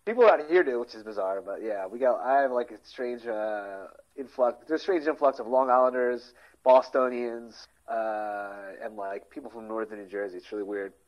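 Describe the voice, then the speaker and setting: A man's voice: medium pitch, moderate pace, few pauses, highs cut off. A man, co-hosting a casual chat and rambling through his stories with many restarts. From Philadelphia area. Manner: rambling, self-interrupting, trails off quietly. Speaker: podcast co-host.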